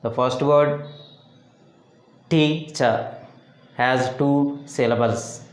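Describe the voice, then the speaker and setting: A man teaching a lesson on word stress, speaking deliberately and repeating words and phrases for emphasis. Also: mid-range voice, echoey room, a little hiss or hum. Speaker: English teacher. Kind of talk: slow phonetics lesson.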